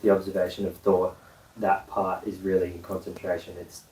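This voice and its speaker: A man's voice: deep voice, level tone, a little fast, a little mellow, a little hiss or hum. A male student in a class, hesitantly asking a question while thinking aloud, heard from far off the microphone. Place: indoor class room. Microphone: far from the lecturer's mic. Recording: distant voice in echoey room.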